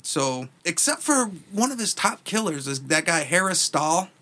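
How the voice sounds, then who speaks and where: A man's voice: fairly high pitch, sing-song, measured pace, bright, forceful tone. A man co-hosting a casual podcast chat, rambling, laughing often and swearing a lot. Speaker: podcast co-host.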